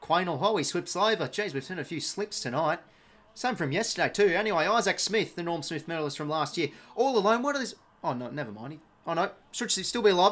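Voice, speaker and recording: Excitable Australian footy fan commentator. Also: male voice, high voice, a little fast. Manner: excitable, shouts at big moments, swears; chatty asides and thanks to viewers. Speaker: watch-along commentator.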